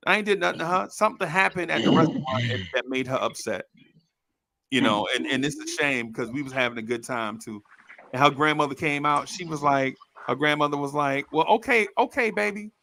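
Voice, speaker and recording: A man telling a funny story from his own life in a casual, animated way, laughing often and calling the listener bro. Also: mid-range voice, fairly quick, vocal fry. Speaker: storyteller host.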